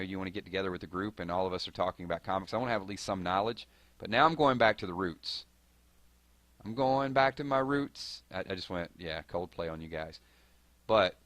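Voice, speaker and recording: A young man from outside Atlanta with a deep Southern accent. He rattles through his words quickly and excitably, reading out and answering chat on a live stream, his low voice bright and forceful. The sound is dry and close, with no room around it. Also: no echo. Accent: Southern US, Georgia. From Georgia, US.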